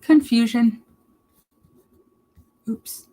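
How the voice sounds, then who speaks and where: A woman's voice: a little high, very slow, mellow, rough recording. A woman live streaming, rambling casually to her chat in a blunt, profane way. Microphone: laptop mic.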